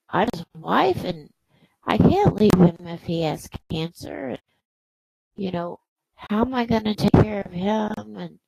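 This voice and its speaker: Low gravelly woman telling her story. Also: darkish tone, dry recording, poor audio. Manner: halting, with many fillers and restarts. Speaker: host. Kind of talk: personal storytelling.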